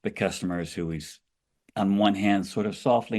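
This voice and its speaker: Very deep-voiced author guest man. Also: normal speed, darkish tone. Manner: thoughtful, rambling with restarts and "you know". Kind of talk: podcast interview.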